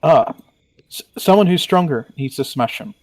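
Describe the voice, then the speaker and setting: A man's voice: fairly high pitch, animated, moderate pace, a little mellow, no room sound, low-quality recording. A man playing a tabletop game over voice chat, talking hesitantly with restarts and frequent laughs. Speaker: player.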